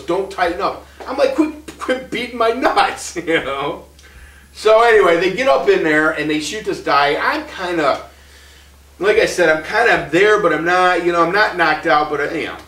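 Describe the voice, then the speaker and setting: A man's voice: fairly high pitch, fairly bright tone, reverberant, recorded from a distance, poor audio. A man in his thirties telling his own story in a casual, rambling way, full of restarts and short laughs. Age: 30s.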